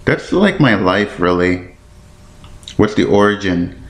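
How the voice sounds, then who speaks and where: A man's voice: low voice, lively intonation, takes it slowly, echoey room. A man hosting a podcast on his own, rambling and thinking aloud as he looks things up, tripping over words and apologizing for it. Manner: self-deprecating, stumbles over words. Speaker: podcast host. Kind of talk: casual solo podcast talk.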